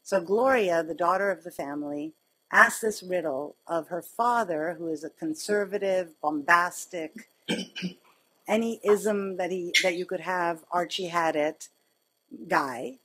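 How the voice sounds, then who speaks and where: A woman surgeon gives a grand rounds lecture, slipping into lively personal stories as she talks. Her voice sits on the lower side and has a husky edge. She keeps it conversational throughout. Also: a little slow, rough recording. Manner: conversational, animated storytelling with laughs. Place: lecture hall.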